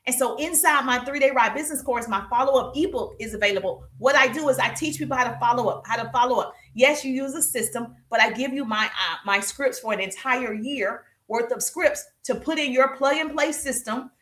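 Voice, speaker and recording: Woman, live-stream sales coach, upbeat and repetitive, fairly high voice. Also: brisk, few pauses, echoey room. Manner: energetic, repetitive, laughs often. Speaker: social media sales coach.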